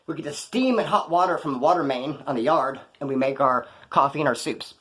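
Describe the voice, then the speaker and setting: Man, fast-talking, animated, slangy, telling stories to camera. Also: a little high. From California. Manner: slangy, animated, acts out other people's lines. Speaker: vlogger telling prison stories. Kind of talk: casual storytelling to camera.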